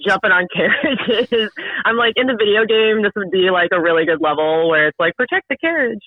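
A man co-hosting a casual podcast chat about a film, rambling and animated with lots of fillers. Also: high-pitched, a little fast, slight background noise. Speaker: podcast co-host. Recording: dull lo-fi, dry sound.

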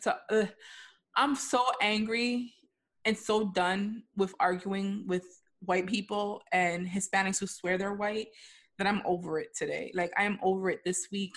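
A young adult woman talks on her podcast in a frank, emphatic way, swearing without a second thought. Her voice sits at a middling pitch, and the delivery stays loose and conversational. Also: a bit bright. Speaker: podcast co-host. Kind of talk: casual podcast chat.

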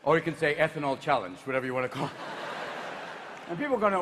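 A man in his fifties performing a rapid-fire stand-up comedy routine live on stage, jumping into voices. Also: medium pitch, lively intonation, a bit bright, big-room sound, a little hiss or hum. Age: 50s. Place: live stage before an audience.

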